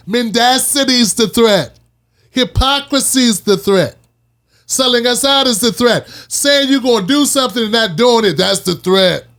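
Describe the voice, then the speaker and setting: A man with a fairly high voice hosts his own commentary show, speaking in an animated, preachy way. He hammers points home by repeating short phrases. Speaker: host. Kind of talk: casual political commentary.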